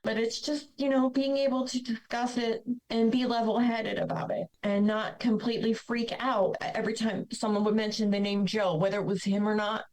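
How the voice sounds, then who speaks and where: A woman's voice: on the high side, steady tone, normal speed, hardly any pauses, a little mellow, rough recording. A young adult woman from Ohio, a podcast guest earnestly telling her personal story and acting out the dialogue she quotes. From Ohio, USA.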